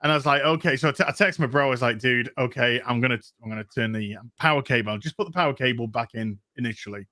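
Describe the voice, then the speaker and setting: A man's voice: medium pitch, fast talker, hardly any pauses, no room sound, clean studio sound. A man telling a rambling story on a casual livestream, out of breath after heavy lifting. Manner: rambling, animated storytelling with many restarts. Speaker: co-host.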